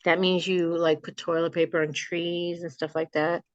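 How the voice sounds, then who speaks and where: A memoir author from New Jersey, speaking at normal speed in a fairly low voice with a North Jersey accent, appears as a guest in a casual video-call interview. Chatty and animated, she tells her stories through muffled audio with no room sound.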